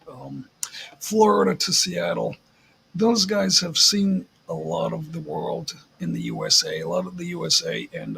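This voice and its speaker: A man's voice: fairly high pitch, gravelly, slight background noise. A middle-aged man hosting a livestream, chatting casually and telling stories with frequent laughter. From United States. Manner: laughs often, animated storytelling. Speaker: livestream host. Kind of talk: casual chat.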